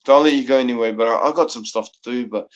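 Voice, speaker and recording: This guest caller on a live panel talks very fast at a medium pitch, his New Zealand accent carrying a rambling, casual chat full of swearing and laughs. The audio is dull and lo-fi.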